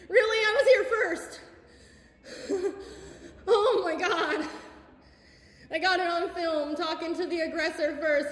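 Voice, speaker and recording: A woman making an agitated, tearful complaint in an office, panicking and loud, recorded on her phone. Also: very high-pitched, roomy sound, in a large hall. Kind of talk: heated confrontation filmed on phone. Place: indoors, apartment complex office. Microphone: phone camera.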